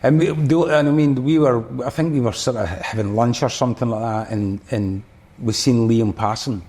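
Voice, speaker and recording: A man's voice: mid-range voice, normal speed, dark tone. A man with a Scottish accent, a podcast guest and former drummer, telling a rambling story full of restarts and fillers. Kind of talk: casual storytelling.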